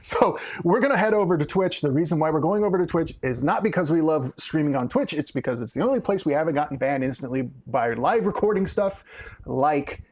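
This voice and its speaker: A man's voice: a little high, animated, fairly quick, a little mellow. A man co-hosting a casual live stream, talking in a wry, self-deprecating way and breaking into laughter. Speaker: co-host.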